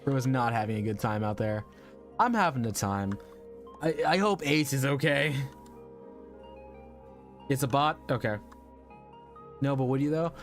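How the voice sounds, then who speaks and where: A man's voice: mid-range voice, unhurried, pauses often, faint music behind. Chatty young man streaming a game. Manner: chatty, rambling, laughs often, talks to chat. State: strained voice. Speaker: VTuber streamer. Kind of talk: casual live game stream chat.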